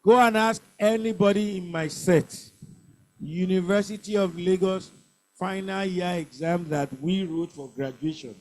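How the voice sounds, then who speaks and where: Slow-speaking older Nigerian male teacher. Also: high voice, darkish tone. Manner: drills answers by call and repeat, stresses syllables slowly. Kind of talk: exam revision class.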